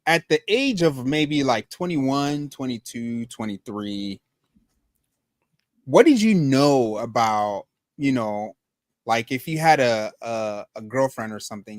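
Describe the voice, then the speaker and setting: A man's voice: mid-range voice, animated, measured pace, dry recording, studio quality. A man co-hosting a casual podcast, talking in a laid-back, rambling way with lots of fillers. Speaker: co-host.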